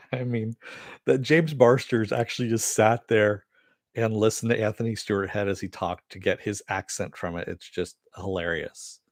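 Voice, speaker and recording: A man's voice: fairly low pitch, no room sound, clean studio sound. An American man hosting a casual live stream, rambling and reading viewer comments aloud. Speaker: host.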